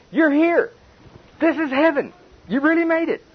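An older man voicing a joyful, welcoming Jesus with a high, effusive delivery, heard on a dull lo-fi tape. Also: expressive, slow, full character voice. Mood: beaming.

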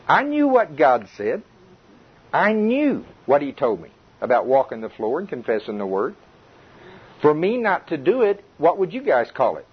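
A man's voice: fairly high pitch, huge pitch swings, moderate pace, breathy edge. A man leading an informal Bible study for a small group indoors, talking in a folksy way with lots of repetition and restarts, and often checking with his listeners. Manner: folksy, repeats himself, restarts, questions the group. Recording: dull, lo-fi recording.

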